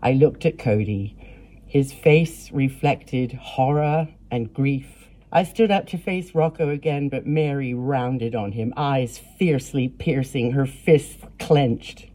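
A woman reading her own memoir aloud in a measured, plain storytelling way. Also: extremely low pitch, warm tone. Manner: measured, plain storytelling with blunt profanity in quotes. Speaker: memoir narrator. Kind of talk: first-person memoir reading.

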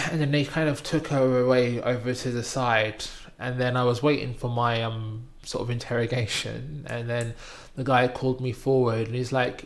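A man's voice: mid-range voice, moderate pace. A man from Britain casually telling a personal travel story in conversation, acting out other people's lines with raised voices. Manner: animated storytelling, acting out quoted voices loudly. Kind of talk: casual chat, anecdote.

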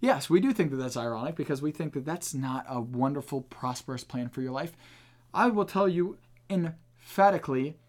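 A man's voice: fairly high pitch, expressive, moderate pace. A man hosting a podcast and teaching on the Bible in an earnest, emphatic, casual way.

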